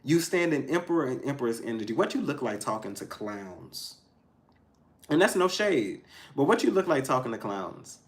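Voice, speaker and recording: A man giving a casual spiritual pep talk as a tarot reader, animated and slangy, swearing freely. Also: mid-range voice, moderate pace.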